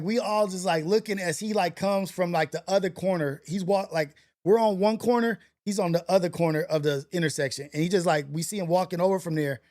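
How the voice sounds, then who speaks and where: A man hosting a casual livestream, telling a story in loose slang full of fillers and restarts. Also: high voice. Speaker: livestream host. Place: home setup for a portrait livestream.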